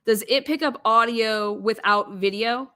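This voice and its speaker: Woman, bright forceful voice, a bit high, rapid-fire mock cross-examination. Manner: rapid-fire pointed questioning. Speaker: commentator.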